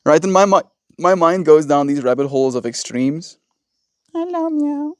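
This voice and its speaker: A man's voice: fairly high pitch, moderate pace, a little mellow, clear, resonant tone, no echo, clean studio sound. A man hosting a casual livestream, ranting in an exasperated, rambling way into a phone. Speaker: livestream host. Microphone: phone in vertical livestream.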